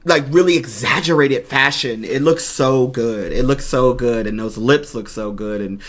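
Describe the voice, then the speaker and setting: Excited gushing male gaming YouTuber. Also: medium pitch, moderate pace. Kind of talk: trailer reaction commentary.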